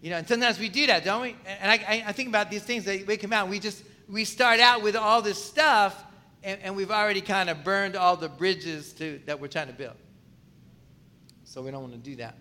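A man's voice: high-pitched, fairly quick, bright, forceful tone. A man preaching a sermon in a conversational way, often asking the congregation questions. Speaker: pastor.

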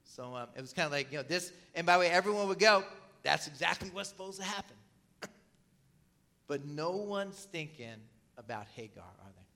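A man delivers a morning sermon, reading passages aloud and unpacking them for the congregation. His voice sits high and cuts through brightly. A tickle in his throat keeps him coughing and clearing it as he goes. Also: expressive, normal speed. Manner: reads scripture aloud then explains it. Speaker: pastor.

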